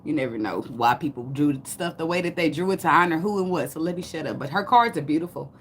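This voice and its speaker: Low-voiced, profane, laughing woman. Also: quick pace, a little hiss or hum. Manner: loud, laughing, profane, joking asides. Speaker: tarot reader. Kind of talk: casual tarot reading with banter.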